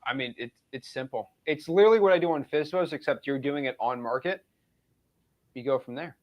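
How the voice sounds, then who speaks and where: A man hosting a casual chat, talking in a relaxed way with hesitant restarts. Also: medium pitch, fairly quick. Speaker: show host. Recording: dull, muffled sound.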